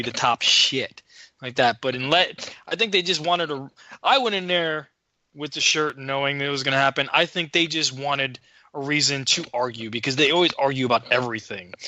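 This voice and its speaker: A man's voice: medium pitch, pushed and bright, dry recording. A man co-hosting a podcast, telling a story in a casual, profane, worked-up way. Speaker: podcast co-host.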